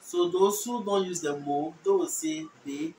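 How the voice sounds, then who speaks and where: A man giving a casual language lesson, repeating short phrases slowly so learners can follow. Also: sits high, darkish tone. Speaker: language teacher. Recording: echoey room, distant mic, faint noise.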